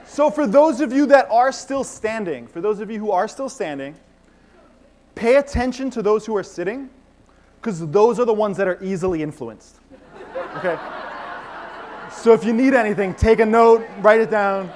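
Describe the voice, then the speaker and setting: Energetic high-voiced male stage mentalist. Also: normal speed, pauses often, slight background noise. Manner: energetic, commanding, playful crowd work. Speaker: mentalist performer. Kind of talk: live stage show with audience participation. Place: large conference hall with audience.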